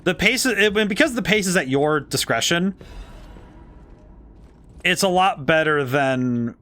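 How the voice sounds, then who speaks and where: A man's voice: on the high side, animated, unhurried, sharp tone. A man streaming a game, musing thoughtfully and rambling as he corrects himself mid-sentence. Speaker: game designer streaming gameplay. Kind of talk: casual livestream commentary.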